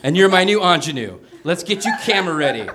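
A man's voice: high-pitched, big pitch swings, fast talker, crowd noise. A man voicing a smug, scheming male police commander in a wry, sly way, recorded live on a small theater stage.

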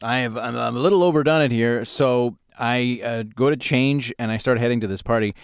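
A middle-aged man from Canada, a podcast host and former radio host, telling stories and ranting in a casual, animated way with frequent laughter. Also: mid-range voice, brisk, clear, resonant tone, no room sound, studio quality. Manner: animated, laughs often, rants. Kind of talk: casual storytelling monologue.

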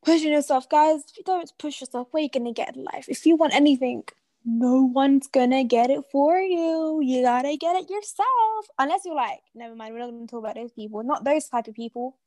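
A woman's voice: high-pitched, lively intonation, fairly quick, dark tone, no echo. A young woman co-hosting a casual chat, blunt and teasing, pushing her friend to move along. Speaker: podcast co-host.

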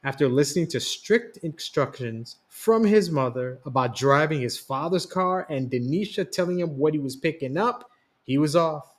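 A man telling a story on a podcast in a steady, read-aloud narration. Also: mid-range voice. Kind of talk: scripted narration.

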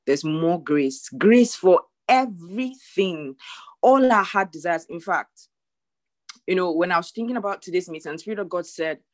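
A woman's voice: fairly low pitch, moderate pace, dry recording. A woman pastor preaching a sermon, earnest and emphatic, repeating her key phrases.

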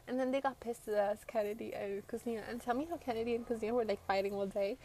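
A woman's voice: on the high side, steady tone, racing, hardly any pauses, mellow. Profane young New woman. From Brooklyn, New York. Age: young adult. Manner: profane, rambling, quotes friends mid-story. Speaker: storyteller. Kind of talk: casual storytime.

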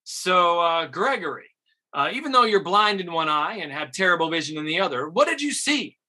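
A man's voice: high voice, big pitch swings, brisk, bright, forceful tone, full character voice. A man voicing a cocky male actor who poses as a pompous newscaster, with a smug, showy anchor delivery.

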